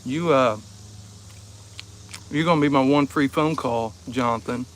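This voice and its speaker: Speaking at a measured pace in a mid-range voice, an easygoing Ohio man chats with his livestream viewers from outdoors behind his house, where insects can be heard. He's laid-back and joking, chuckling often, with a little background noise in the recording.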